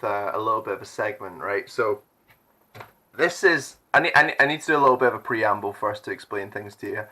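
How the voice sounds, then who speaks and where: Upbeat guy hosting a youth stream, bright voice, laughs a lot. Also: mid-range voice, poor audio. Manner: upbeat, chatty, laughs often. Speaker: youth leader and stream host. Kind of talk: casual chat.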